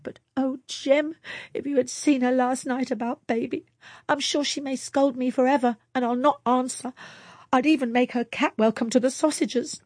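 A woman voicing an anxious, gentle young mother who speaks softly and pleadingly. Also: high voice, fairly even intonation, moderate pace, no echo, clean studio sound, pitched above the performer's own voice. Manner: soft and pleading.

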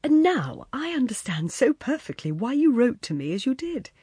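A wistful, earnest man who muses softly about the past, read by a woman. The voice is husky and breathy, with a lively, rising and falling delivery. It sounds close and dry, with no room around it. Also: very high voice, normal speed, no room sound, voice pushed up, heavily acted. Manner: soft, earnest, musing. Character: wistful, wheedling former young lover, man.

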